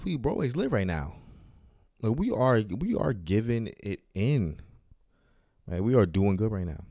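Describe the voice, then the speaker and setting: Low-voiced man telling stories on his podcast. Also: very animated, measured pace, long pauses, mellow, dry recording, studio quality. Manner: loose, profane, slang-heavy storytelling. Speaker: stand-up comedian hosting his own podcast. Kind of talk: casual solo storytelling podcast. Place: New York City.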